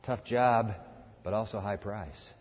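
A man preaching a sermon in an animated way, acting out voices and urging his listeners to join in. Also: fairly low pitch, takes it slowly. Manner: animated, acts out voices, urges the audience. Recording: echoey hall, dull lo-fi sound.

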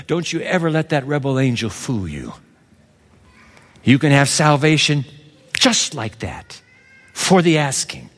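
A man with a high voice preaches a sermon, dropping to low murmurs and then rising to ringing exclamations. His voice carries the long reverb of a large hall.

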